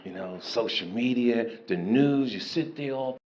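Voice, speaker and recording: A man in his sixties doing brash, crude, animated stand-up storytelling on a comedy club stage. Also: medium pitch, measured pace. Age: 60s. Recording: roomy, muffled club sound. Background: loud audience laughter and noise.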